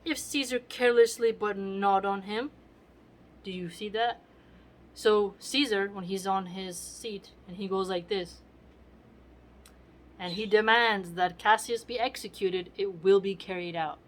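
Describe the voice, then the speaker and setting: A woman's voice: mid-range voice, steady tone, a little slow. A woman teaching literature, explaining a play in a conversational way and often checking in with the listener. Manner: conversational, asks "right?" often.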